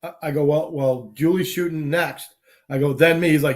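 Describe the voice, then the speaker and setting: Speaking at normal speed in a fairly high voice, the man from Boston tells stories as host of a laid-back talk show. Slang flows freely and he animatedly acts out what people said.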